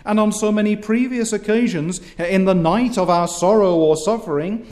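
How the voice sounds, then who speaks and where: A man preaching an expository sermon in a measured, formal way, reading scripture and rising in force when impassioned. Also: high-pitched, a little mellow.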